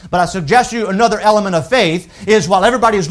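A man preaching a sermon with emphatic swings from loud declarations to hushed, drawn-out lines, repeating words as he works through a thought. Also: high voice. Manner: unhurried, deliberate, with pauses and repeated words. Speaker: pastor.

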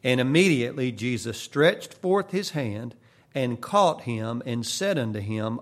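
A man preaching a sermon in an earnest way, rising to loud emphasis and dropping to quiet, firm statements. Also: medium pitch, animated, normal speed.

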